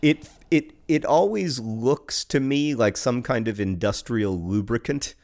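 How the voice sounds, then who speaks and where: A man co-hosting a casual podcast with a wry, dry sense of humor. He talks in a middle pitch and leans on "like" fillers as he goes. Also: measured pace, darkish tone. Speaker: podcast co-host. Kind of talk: casual chat.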